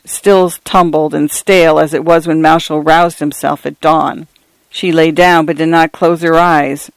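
Radio story reader, woman, measured literary narration, smooth tone, dry close mic. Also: deep voice, no echo. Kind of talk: scripted narration of short stories.

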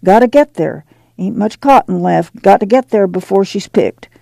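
A man voicing a determined middle-aged farm mother, talking firmly and briskly. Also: high voice, expressive, vocal fry, dark tone, dry recording, clean studio sound, voice pushed up. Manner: firm, brisk, commanding.

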